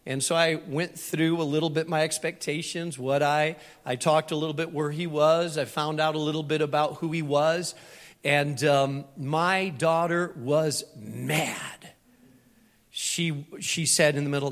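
A man's voice: on the high side, fairly even intonation, measured pace. Man preaching in a reverberant hall. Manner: storytelling, direct and earnest, with light humor. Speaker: pastor. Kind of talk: sermon. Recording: long reverb in a large hall.

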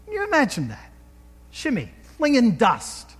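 A man preaching a sermon, retelling a scripture story with emphatic, animated delivery and rhetorical questions. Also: extremely high pitch, moderate pace, slightly rough, big-room sound.

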